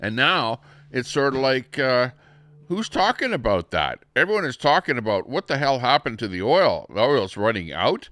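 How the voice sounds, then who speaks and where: A man's voice: medium pitch, very animated, normal speed, fairly bright tone, no room sound. A man hosting a livestream, rambling through casual commentary with plenty of fillers and restarts. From Canada. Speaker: livestream host. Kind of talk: casual live-stream commentary.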